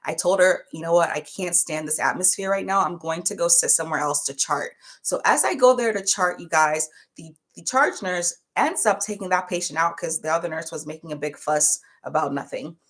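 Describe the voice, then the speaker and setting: A young woman, a touch low-pitched, talks straight to her viewers in a chatty, animated way. She retells a story and acts out the voices of the people in it. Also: a little fast, few pauses. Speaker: vlogger.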